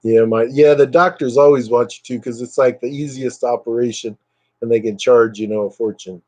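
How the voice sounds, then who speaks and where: Low-energy man chatting on a livestream. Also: steady tone, brisk, darkish tone, no echo. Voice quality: voice a bit fried. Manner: rambling and chatty, reading out viewer comments, drifting into brief impressions. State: low energy, recovering from illness. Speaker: livestream host chatting with viewers. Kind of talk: casual livestream chat. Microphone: computer webcam mic.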